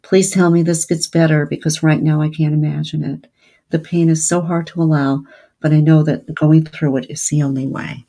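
A woman podcast co-host, a family therapist, reading a listener's letter aloud in a slow, gentle and earnest way, then chatting with her co-host. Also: low-pitched, level tone.

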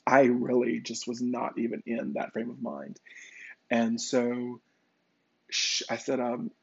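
A man's voice: mid-range voice, takes it slowly, vocal fry, slightly rough, no room sound, highs cut off. A man who works as a psychic medium, telling a personal story in a conversational way, with fillers and restarts.

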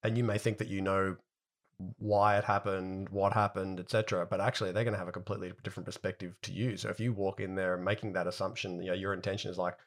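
A man hosting a podcast, explaining ideas quickly with everyday analogies in a relaxed conversation. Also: low-pitched.

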